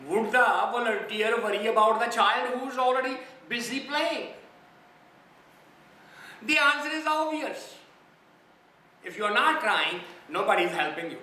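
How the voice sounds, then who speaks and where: A man's voice: extremely high pitch, animated, a little slow, pauses often, pushed and bright. A man from India giving a spiritual talk on a hymn, often putting questions to his listeners. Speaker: spiritual teacher. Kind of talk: sermon on a hymn. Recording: echoey hall, distant mic.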